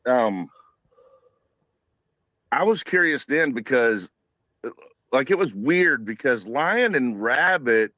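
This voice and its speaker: A man's voice: medium pitch, big pitch swings, slow, long pauses, sharp tone, no room sound. A man telling his side of a story in a casual conversation, meandering and leaning on fillers. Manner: loose, meandering explanation with fillers.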